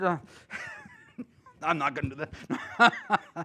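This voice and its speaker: A middle-aged man preaching as a guest pastor, telling folksy stories and moving between loud preaching and quiet, chatty asides. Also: sits high, very animated, slow, pauses often. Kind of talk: sermon.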